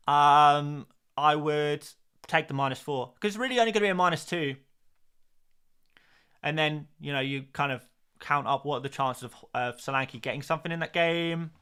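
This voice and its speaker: A man's voice: fairly high pitch, a bit bright. A man hosting a fantasy football live stream, answering viewer questions in a casual, chatty way with frequent fillers, restarts and repeated phrases.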